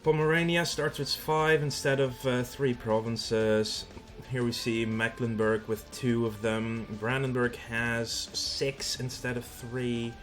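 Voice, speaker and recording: A man's voice: medium pitch, flat delivery, takes it slowly, hardly any pauses, a bit bright, faint music behind. A Dutch man with a Dutch accent hosting a let's play, explaining the game in a casual way with frequent fillers. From Netherlands. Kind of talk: gameplay commentary.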